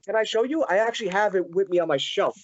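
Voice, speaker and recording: A man hosting a casual fan interview, talking in a rambling, halting way with many restarts. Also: sits high, muffled recording, slight background noise. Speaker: podcast host.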